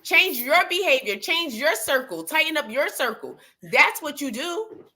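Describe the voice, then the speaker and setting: A woman co-hosting a casual chat show, blunt, profane and animated. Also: high-pitched, measured pace. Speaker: podcast co-host.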